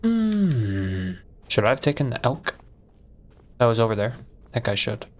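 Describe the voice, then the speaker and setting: A man giving casual gameplay commentary in a goofy, excitable, profane way, joking around as he plays. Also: mid-range voice, measured pace. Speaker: gaming streamer.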